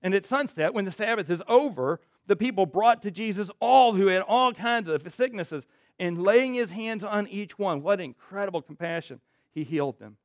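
A man preaching a sermon in church, reading scripture and commenting in an emphatic, conversational way, dropping low and quiet to stress a point. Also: expressive, normal speed, no room sound, clean studio sound. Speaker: pastor.

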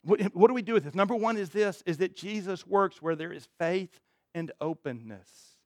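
A man preaching a sermon in church, reading scripture and commenting in an emphatic, conversational way, dropping low and quiet to stress a point. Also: animated, moderate pace, no room sound. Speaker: pastor.

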